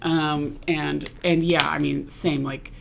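A woman's voice: low voice, level tone, slow, gravelly, slight background noise. A woman from Tennessee co-hosting a podcast in casual chat. She laughs often and uses many "like" fillers. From Tennessee, US South. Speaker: podcast co-host.

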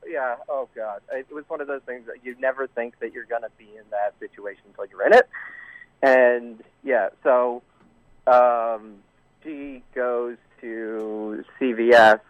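A man on a call-in line tells his story in a rambling, halting way, circling back with restarts and fillers. His voice comes through a narrow, tinny phone line. The sound is dry and close. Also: mid-range voice, fairly even intonation, no room sound. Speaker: caller.

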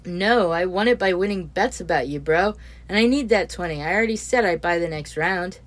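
A woman voicing a brash, rowdy young man who talks loudly and teases his friends. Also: fairly low pitch, animated, fairly quick, natural voice. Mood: boisterous. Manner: loud, boisterous, teasing.

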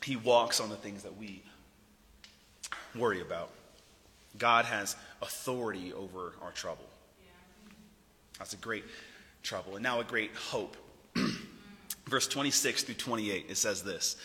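A man preaching a sermon as a pastor, talking in a casual, animated and joking way. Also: on the low side, measured pace, long pauses. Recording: long hall reverb.

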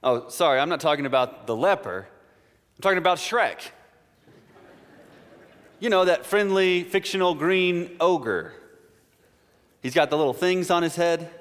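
A male pastor with a somewhat high voice delivers a sermon in a church. His words trail off into a long reverb. He keeps it conversational and slips in playful asides. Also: expressive, measured pace, long pauses, fairly bright tone. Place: church sanctuary.

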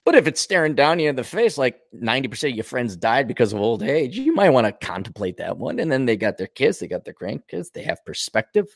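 A man runs his podcast like a bar-stool yarn, swearing freely and jumping between his own voice and quick mimicry of friends. His pitch rises and falls with lively swings, and the sound is close and dry, with no room echo at all. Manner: animated, jokes and acts out voices of others. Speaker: podcast host. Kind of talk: casual storytelling monologue.

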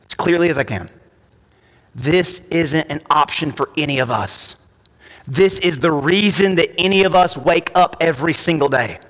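High, bright-voiced preacher man. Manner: emphatic, swings between quiet asides and loud declarations. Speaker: pastor. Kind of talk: sermon. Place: church sanctuary. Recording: church hall with long reverb.

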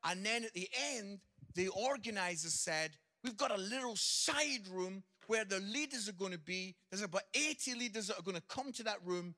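High, bright Scottish preacher man. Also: normal speed. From Scotland. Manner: jokey, animated, lively anecdotes. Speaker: visiting preacher and comedian. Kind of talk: humorous sermon storytelling.

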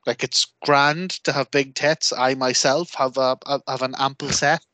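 A man, chatting on a podcast as co-host and telling animated stories that he acts out with quoted voices. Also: medium pitch, normal speed, dry recording. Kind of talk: casual chat.

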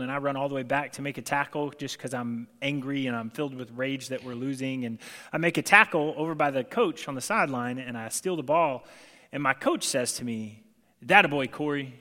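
A man's voice: medium pitch, bright, forceful tone. A young adult man preaching a sermon in a conversational, self-deprecating way, acting out the quotes he tells. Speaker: pastor. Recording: long hall reverb.

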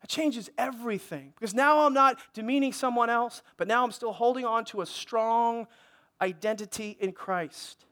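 A man's voice: extremely high pitch, moderate pace, pushed and bright. A middle-aged man, a pastor, preaching an impassioned sermon and calling for amens from the congregation.

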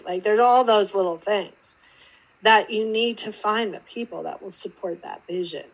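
A woman's voice: medium pitch, normal speed, slightly rough, low-quality recording. A woman guest on an interview podcast, telling her story casually and acting out the voices in it. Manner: animated, acts out quoted dialogue. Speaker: podcast guest, intuitive teacher.

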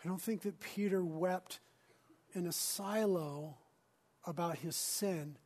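An earnest male pastor delivering a sermon. His voice sits somewhat high for a man. He swings between urgent, pressing emphasis and hushed, whispered intimacy. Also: slow pace.

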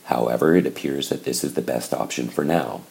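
A man's voice: extremely low pitch, brisk, vocal fry, darkish tone. A man voicing a stern, formal middle-aged aunt in a clipped, proper manner.

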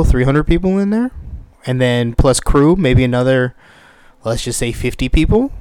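A man's voice: medium pitch, clear, resonant tone, no room sound. A man talking casually about a TV show in a rambling rant, with many fillers and a lot of swearing when he gets worked up. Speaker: commentator on a TV show.

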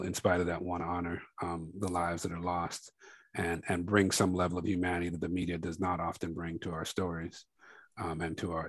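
A documentary filmmaker speaks in a very deep, level voice that rarely rises or falls. He talks slowly and thoughtfully, circling back with fillers and restarts. The sound is dry and close, with no room around it. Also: slightly rough, no echo. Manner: reflective, halting, many fillers and restarts; grows softer and lower toward the end. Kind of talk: interview conversation.

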